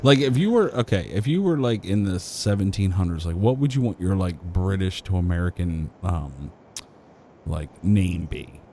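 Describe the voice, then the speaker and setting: A man's voice: deep voice, lively intonation, moderate pace, mellow, a little hiss or hum. A man hosting a live stream, chatting casually and joking with a friend. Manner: joking, goofy, laughs a lot. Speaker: livestream host.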